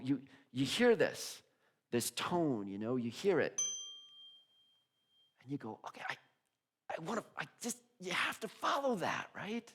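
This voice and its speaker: A middle-aged male minister giving a sermon, telling a personal story in an animated way, laughing often and acting out other people's voices. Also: mid-range voice.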